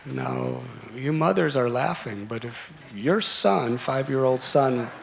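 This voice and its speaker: A man's voice: mid-range voice, lively intonation, takes it slowly, vocal fry. A monk in his sixties telling a devotional story in a temple sermon, fond of repeated lists. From United States. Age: 60s. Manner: storytelling with repeated, listed phrases. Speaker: monk giving a discourse.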